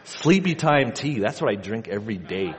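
A man in his thirties preaching a sermon in a church sanctuary, telling a relaxed story and often repeating himself. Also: on the low side, normal speed, long reverb tail, a faint crowd, a little hiss or hum. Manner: conversational storytelling, repeats words. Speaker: pastor.

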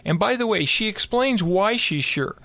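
A man's voice: high-pitched, expressive, moderate pace, pushed and bright, no echo. A man co-hosting a theological discussion, explaining scripture by quoting it verse by verse. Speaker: co-host and Bible teacher.

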